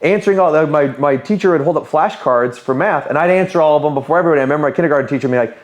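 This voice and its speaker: A man's voice: fairly high pitch, racing. A man, telling personal stories candidly and animatedly as a podcast guest. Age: 30s. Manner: animated, candid, storytelling with quoted voices. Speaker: podcast guest, business owner. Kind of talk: casual interview storytelling.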